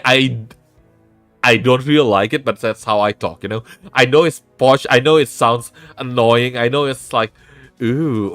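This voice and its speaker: A man's voice: medium pitch, fairly bright tone, no echo. Chatty man with a Jaksel accent. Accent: South Jakarta (Jaksel) Indonesian. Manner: rambling, self-mocking, laughs often. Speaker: vtuber streamer. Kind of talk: casual chat with chat, switching languages.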